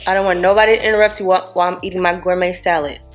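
Joking young mom vlogging. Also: female voice, fairly low pitch, level tone, rapid-fire, faint music behind. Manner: joking, blunt, playful scolding. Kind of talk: casual family vlog chat.

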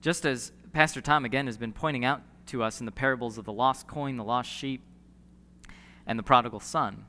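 A male pastor preaching a sermon earnestly, with emphatic pauses and repeated phrases. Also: mid-range voice, bright, forceful tone. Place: church sanctuary. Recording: long church hall reverb.

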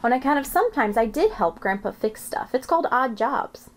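A woman voicing an excitable, bossy little girl in a storybook, with eager, chattering questions. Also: fairly high pitch, brisk, a little hiss or hum, pitched above the performer's own voice, lightly acted. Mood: excited.

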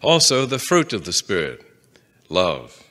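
Man, Bible teacher, bright voice, lively pitch, conversational, reads scripture, questions the audience. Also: unhurried. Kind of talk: interactive Bible class lecture. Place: meeting room with a live audience.

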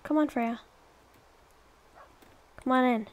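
Young woman, fairly high voice, rambling casual gameplay commentary, exclaims often. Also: steady tone, slow. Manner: chatty and rambling, coaxing pets, exclaiming. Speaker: let's play YouTuber.

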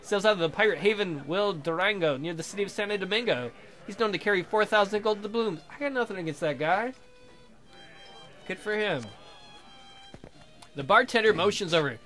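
A man giving crude, loud gameplay commentary, reading in-game dialogue aloud with silly voices. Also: sits high, brisk, long pauses, faint music behind. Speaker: let's play commentator.

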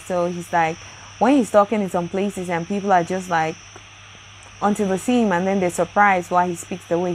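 A chatty woman hosting a daily Bible reading show, talking in a loose, effusive way and often breaking into exclamations. Her voice sits at an ordinary middle pitch for a woman. Faint crickets and insects chirp quietly behind her. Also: slight background noise, rough recording. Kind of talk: casual chat with birthday shout-outs.

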